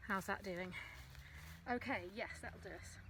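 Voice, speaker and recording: A woman recording a casual fitness vlog outdoors on her phone, chatting practically while she demonstrates a running warm-up. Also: medium pitch, a little slow, background noise. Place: outdoors on a path. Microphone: phone propped on a ledge.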